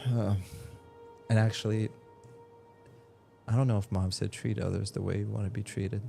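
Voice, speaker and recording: A man's voice: fairly low pitch, fairly even intonation, normal speed, creaky, long pauses, dark tone, soft background music. A man live-streaming a game, chatting casually and rambling as he reads out viewers' messages. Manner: rambling and talkative, reads chat aloud.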